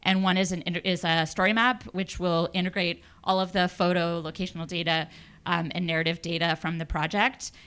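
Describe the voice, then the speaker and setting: A woman's voice: lowish voice, level tone, brisk, a bit bright, clear, resonant tone. A woman presenting a youth project's findings to a city, thoughtful with many fillers. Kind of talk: public presentation.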